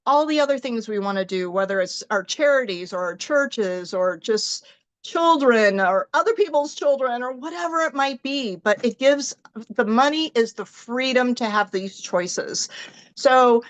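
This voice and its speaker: High-voiced, animated woman team leader. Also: measured pace. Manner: animated, acts out her own inner thoughts. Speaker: team leader in direct sales. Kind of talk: motivational team talk.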